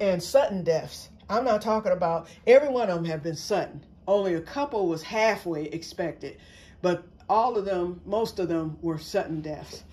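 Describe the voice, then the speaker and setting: A middle-aged woman chatting casually in a personal vlog, rambling and correcting herself as she goes, with folksy turns of phrase. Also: medium pitch. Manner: rambling, self-correcting storyteller; folksy, says y'all. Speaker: vlogger.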